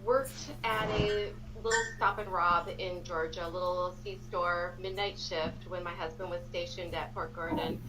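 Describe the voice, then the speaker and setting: A woman from the American Midwest telling a story in animated, casual chat. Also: lowish voice, unhurried, hardly any pauses. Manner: animated storyteller, laughs easily. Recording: noticeable hum behind voice.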